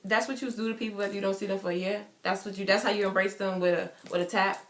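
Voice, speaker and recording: A woman's voice: medium pitch, level tone, fast. Emphatic young woman vlogging in a roomy space. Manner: emphatic and repetitive, acting out quotes. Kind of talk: personal storytime vlog. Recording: roomy echo.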